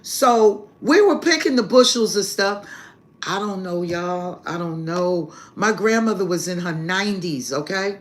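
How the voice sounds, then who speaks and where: A woman's voice: fairly low pitch, animated, a little slow. A woman hosting a live stream, telling a family story in casual, brash and profane language, laughing heartily and calling her listeners "baby".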